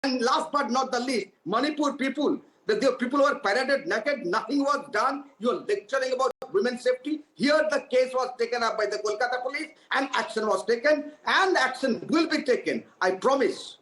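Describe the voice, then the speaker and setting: A man's voice: extremely high pitch, a little fast, hardly any pauses, fairly bright tone. Agitated man on an echoey feed. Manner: combative, hesitant restarts, accusatory. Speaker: political party spokesperson. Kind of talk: heated TV debate.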